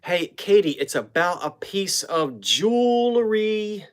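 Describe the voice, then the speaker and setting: Slow, chatty middle-aged live-stream host. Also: medium pitch, very animated. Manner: chatty, greets viewers by name, trails off mid-sentence. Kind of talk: casual live-stream chat with viewers. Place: home basement.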